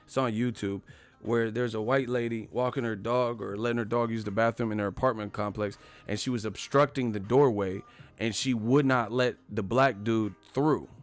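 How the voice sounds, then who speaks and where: A man's voice: fairly low pitch, steady tone, moderate pace, soft background music. A man hosting a boxing live stream, talking casually and profanely, retelling stories with acted-out quotes. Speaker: boxing channel host.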